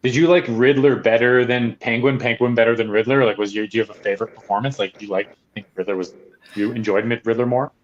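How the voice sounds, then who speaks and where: A man muses aloud about a film, asking loose questions as he goes. His voice sits at an ordinary pitch. His audio sounds dull and muffled, like a lo-fi connection. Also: steady tone, fast talker. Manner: musing, questioning. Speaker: podcast guest. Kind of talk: casual movie discussion.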